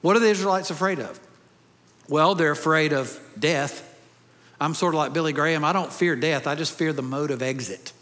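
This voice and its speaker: A pastor preaching in a big church, his voice a little high for a man. He talks to the congregation casually and drops jokes as he goes. A long reverb trails off his words in the large hall. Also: normal speed, fairly bright tone. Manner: conversational, joking asides to the congregation. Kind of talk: sermon.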